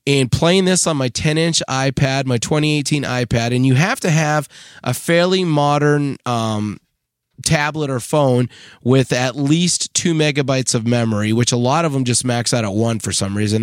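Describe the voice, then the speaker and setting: A man's voice: mid-range voice, dry recording, clean studio sound. A man co-hosting a casual podcast, enthusiastically rambling about a mobile game with plenty of fillers. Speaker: podcast co-host. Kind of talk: casual chat, app review.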